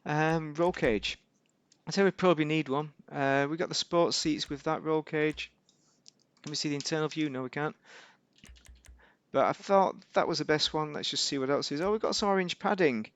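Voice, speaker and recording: A man's voice: a little high, normal speed, clean tone, dry recording. A man giving casual, rambling gameplay commentary as a YouTuber, correcting himself and making wry asides. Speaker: gaming YouTuber.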